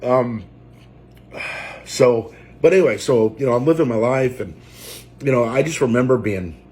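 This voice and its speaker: A man preacher sharing his personal testimony unscripted, in a halting and reflective way, with frequent pauses and fillers. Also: medium pitch, darkish tone.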